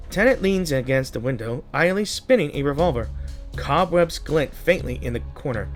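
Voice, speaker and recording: A man's voice: fairly high pitch, lively intonation, moderate pace. A man who makes gaming videos, casually reading a game's story aloud, often stumbling and correcting himself. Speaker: gaming YouTuber. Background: game music.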